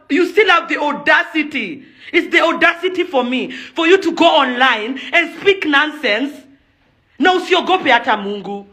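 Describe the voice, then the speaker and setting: A woman's voice: sits high, sharp tone. A young Kenyan woman delivering an angry, impassioned rant to camera, accusing and pleading by turns, slipping Swahili phrases into her English. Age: young adult. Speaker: events promoter and celebrity.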